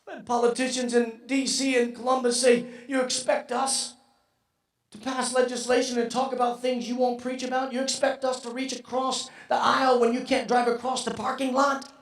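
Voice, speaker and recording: An older man preaches at a banquet, his voice swinging between fervent shouts and hushed, tearful asides. His voice is high and gravelly. He sounds distant in a large, echoing hall. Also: fairly even intonation, moderate pace. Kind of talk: sermon. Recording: echoey hall from far off.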